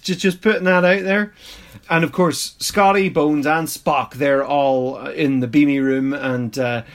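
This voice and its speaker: A man, rambling through a casual episode recap with mock-exasperated asides and frequent laughs. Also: medium pitch. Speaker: podcast host reviewing an episode.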